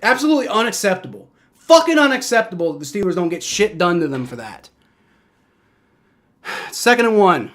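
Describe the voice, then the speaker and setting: A man's voice: sits high, huge pitch swings, normal speed, pauses often, fairly bright tone. A man doing live fan reaction and play-by-play for a football game, rambling and profane, moving from anxious mumbles to furious rants. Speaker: fan livestream commentator.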